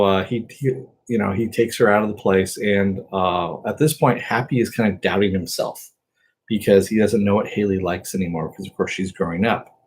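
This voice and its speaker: A man with a somewhat low, husky voice talks through a TV episode in a loose, casual recap. He rambles along and fills his pauses with plenty of ums and you-knows. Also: a little mellow, rough recording. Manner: rambling, many fillers. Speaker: TV episode reviewer.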